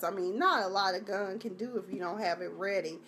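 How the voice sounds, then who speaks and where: A woman's voice: mid-range voice, fairly quick, few pauses, pushed and bright, slight background noise. A woman hosting a casual live-stream review, talking in a chatty, rambling, slangy way. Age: adult (junior high long ago).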